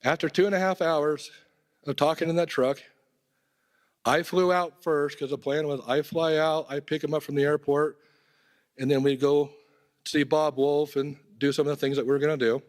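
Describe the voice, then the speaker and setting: A man's voice: fairly high pitch, little pitch movement, moderate pace. A man giving a eulogy at a memorial, telling casual, conversational personal stories. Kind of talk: storytelling eulogy. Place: temple hall.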